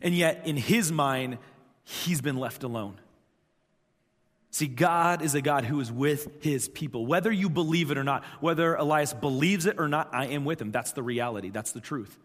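A man's voice: mid-range voice, normal speed. A pastor in his thirties giving a conversational sermon in a church, repeating his points with emphasis. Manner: conversational, repetitive, emphatic preaching. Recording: long church hall reverb.

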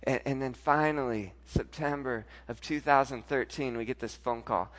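A man preaching a sermon and telling an emotional personal story, moving between loud outbursts and hushed, tearful passages. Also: medium pitch, normal speed, in a large hall. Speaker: pastor.

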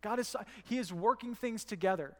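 Male pastor, high voice, chatty sermon delivery, long church reverb. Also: brisk, a little mellow. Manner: conversational, storytelling with acted quotes.

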